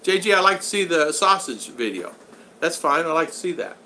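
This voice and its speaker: Bright-voiced man hosting a live stream. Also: on the high side, expressive, slight background noise. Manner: halting, repeats words, many thank-yous. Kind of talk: casual chat reading out viewer comments.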